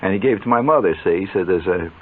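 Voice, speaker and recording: A man telling a rambling comic story in a chatty, digressive way, with excited yelps rising up as he builds. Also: fairly low pitch, rapid-fire. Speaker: radio storyteller. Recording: tinny narrow-band old recording, faint hiss.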